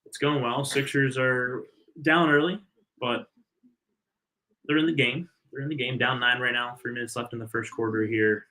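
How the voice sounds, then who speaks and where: A man co-hosting a fan watch-party stream, giving excitable, chatty play-by-play of a live game. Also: medium pitch, moderate pace. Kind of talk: casual live game commentary.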